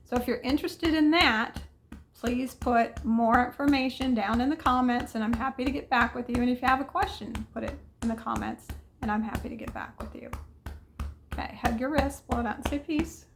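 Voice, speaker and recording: Woman, higher-pitched voice, calm coach leading tapping affirmations, repeats soothing phrases. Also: a little fast, gravelly, noisy background. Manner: soothing, repetitive guiding affirmations. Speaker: mentor leading a tapping exercise. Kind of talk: guided tapping session.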